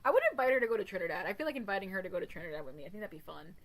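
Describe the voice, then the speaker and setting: A young woman chatting on a casual podcast, spinning long tangents full of swearing and laughter. Her voice sits in an ordinary middle register, relaxed and conversational. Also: mid-range voice, racing, crowd noise, rough recording. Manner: rambling storyteller, swears freely, laughs a lot. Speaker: podcast host. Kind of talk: casual chat.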